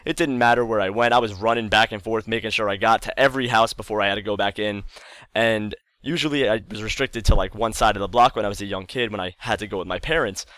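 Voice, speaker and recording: A man's voice: fairly low pitch, steady tone, fast, a bit bright, no echo. A man telling a childhood story in a casual vlog, chatty and rambling, repeating words for emphasis. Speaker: YouTube storyteller.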